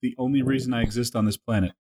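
A man's voice: mid-range voice, fairly even intonation, rapid-fire, mellow, breathy edge, no echo. A man hosting a podcast in casual, joking chat, slipping into mock announcer intros. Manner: playful, launches into bits and mock announcer intros. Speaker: podcast host.

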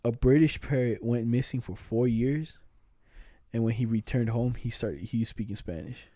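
A man's voice: medium pitch, moderate pace, warm tone, no room sound. A young man chatting casually, telling stories in heavy slang with frequent laughs and swearing. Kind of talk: casual chat.

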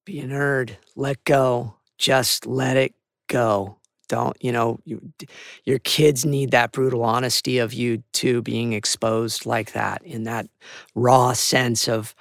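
A man, a voice actor, talking in an animated, rambling, enthusiastic way as a podcast interview guest. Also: mid-range voice, a little slow, creaky, no echo, studio quality.

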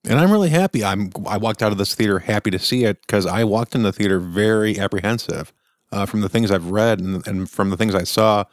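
Chatty man with a low, dry voice. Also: a little fast, no echo. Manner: chatty, enthusiastic, opinionated. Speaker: podcast host. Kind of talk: casual film review.

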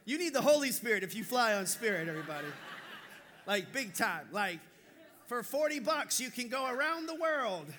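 A male pastor preaching a sermon, telling stories in an animated, joking way. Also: very high-pitched, moderate pace, a little hiss or hum.

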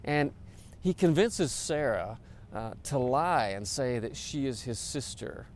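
A male pastor gives a casual, chatty sermon, pausing on fillers and repeating words as he goes. His pitch is medium and his delivery animated, rising and falling a lot. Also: a little hiss or hum.

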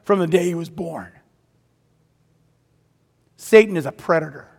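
A man's voice: fairly high pitch, a little slow, darkish tone, slightly rough. A man preaching a sermon, retelling a story dramatically and rising to emphatic peaks. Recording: long hall reverb.

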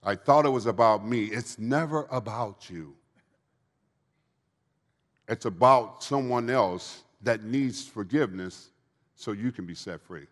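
Male testimony preacher, 50s, lowish voice, hushed storytelling into fervent appeals, live hall with long reverb. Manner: low, quiet storytelling that swells into fervent exhortation. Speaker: guest speaker giving a testimony. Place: large hall with an audience.

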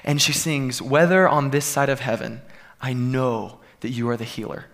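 A man's voice: medium pitch, fairly even intonation, normal speed, a bit bright. A man preaching a sermon to a congregation, earnest and building to emphatic peaks. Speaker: pastor. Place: church sanctuary.

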